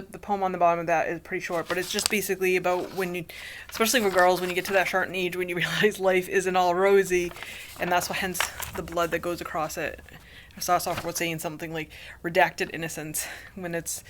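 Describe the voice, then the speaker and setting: Halting, rambling woman vlogger. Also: lowish voice, background noise. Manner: halting, rambling, with many fillers. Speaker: video blogger. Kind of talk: casual chat.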